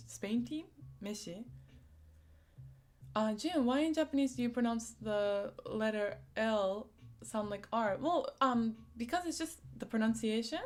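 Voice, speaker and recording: A woman's voice: on the high side, animated, unhurried, darkish tone. Giggly young woman streaming. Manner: giggly, chatty, frequent likes and ums. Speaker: live-stream host. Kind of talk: casual live-stream chat reading viewer comments.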